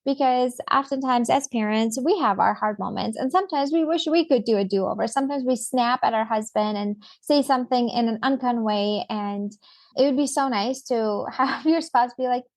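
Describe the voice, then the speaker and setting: Woman, 30s, podcast host; higher voice, dry close sound, chatty and quick to laugh. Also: no room sound. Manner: chatty, laughs often, acts out kids' voices. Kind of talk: casual interview chat.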